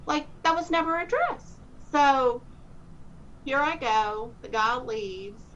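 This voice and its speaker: Brief: woman with a higher voice, chatty rambling testimony, slightly dull lo-fi sound. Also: slow. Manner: animated, rambling, acts out dialogue. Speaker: speaker sharing a testimony. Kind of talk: casual personal storytelling. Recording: muffled with faint hiss.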